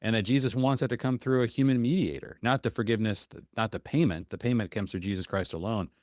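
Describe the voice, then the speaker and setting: Male podcast host, low voice, earnest and reflective, dry close-mic sound. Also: fast talker, darkish tone, dry recording. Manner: earnest, reflective, many fillers. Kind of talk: casual faith-based conversation.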